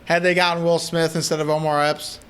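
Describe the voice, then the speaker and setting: A man's voice: a little high, level tone, a little fast, a bit bright, smooth. A man co-hosting a casual movie podcast, trading wry, jokey asides. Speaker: podcast co-host.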